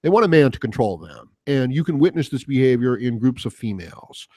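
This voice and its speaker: A man's voice: medium pitch, big pitch swings, a little fast, a little mellow, slightly rough, dry recording, studio quality. A man hosting a solo podcast, ranting casually in a rambling, profane way with lots of fillers. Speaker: podcast host.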